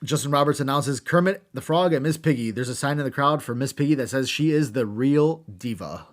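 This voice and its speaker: A man's voice: mid-range voice, a little fast. A man co-hosting a podcast, recapping a wrestling show with sarcastic asides and lots of swearing. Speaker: podcast co-host.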